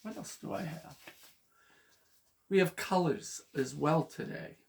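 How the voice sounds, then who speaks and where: This man's voice is on the high side and creaky as he teaches kids phonics, patiently and slowly sounding out each word letter by letter in a lively, sing-song way. There is slight background noise.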